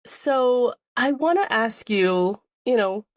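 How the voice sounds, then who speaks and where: A woman's voice: a little high, expressive, slow. A woman hosting a casual interview, eager and full of small hesitations. She sounds close and dry, with no room echo. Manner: enthusiastic, hesitant fillers. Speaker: podcast host.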